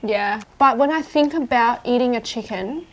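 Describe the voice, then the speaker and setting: A woman's voice: a little high, moderate pace, slight background noise. A woman vlogging outdoors over dinner, chatty and laughing easily in casual conversation. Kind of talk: casual chat while eating.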